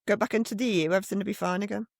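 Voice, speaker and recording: A podcast co-host with a mid-pitched voice talks politics in a blunt, sardonic way and giggles often. The recording is dry and close. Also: fairly even intonation, racing, vocal fry, no echo. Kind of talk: casual political chat.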